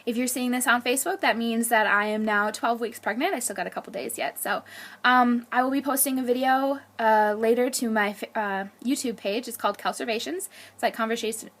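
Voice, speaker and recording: A woman's voice: on the high side, steady tone, brisk, a bit bright. A young woman telling family stories in a casual, chatty vlog, laughing often. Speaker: vlogger.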